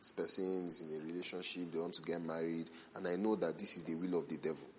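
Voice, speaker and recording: A man preaching a sermon as a pastor, telling animated everyday stories, asking rhetorical questions and acting out the people he quotes. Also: sits low, fast, slight background noise. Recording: long reverb from a large hall.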